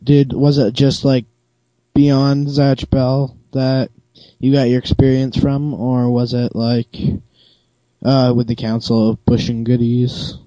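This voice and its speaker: Male interviewer; rambling, eager questions, warm dark tone, dull lo-fi recording. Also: medium pitch, flat delivery, takes it slowly, dry recording. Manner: rambling, enthusiastic questions with fillers. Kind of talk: casual interview.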